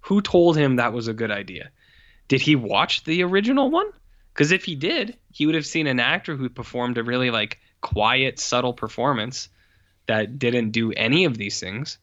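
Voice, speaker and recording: A man's voice: medium pitch, sing-song, normal speed, a bit bright. Blunt man on a dull lo-fi mic. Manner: blunt, scornful, swears freely. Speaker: podcast co-host. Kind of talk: casual film review chat. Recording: dull lo-fi sound.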